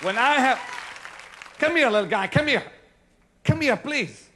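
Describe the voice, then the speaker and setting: A male pastor preaching a sermon to a congregation, shouting some lines and dropping to a near hush on others. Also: very high voice, animated, a little slow, crowd noise, noisy background. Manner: preaching with sudden shouts and hushed stretches. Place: church before a congregation.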